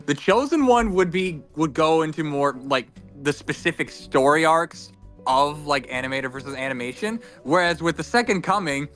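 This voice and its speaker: A man's voice: on the high side, expressive, normal speed, fairly bright tone, faint music behind. Chatty man, "like"-heavy speech. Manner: filler-heavy, says "like" constantly. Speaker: panel guest. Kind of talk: casual group chat.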